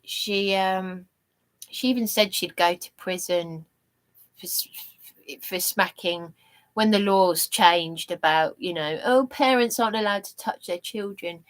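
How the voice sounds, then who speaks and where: Slow, rambling middle-aged Englishwoman. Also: on the low side. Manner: meandering, halting, with many fillers and restarts; earnest and fervent when talking of faith. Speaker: vlogger. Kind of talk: rambling personal monologue.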